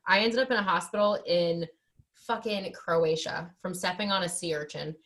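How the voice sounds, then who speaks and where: A young woman co-hosting a podcast, telling stories in a casual, profane, animated way and acting out what people said. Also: lowish voice, normal speed, poor audio. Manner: profane, animated storytelling with acted-out quotes. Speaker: podcast co-host. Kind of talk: casual chat.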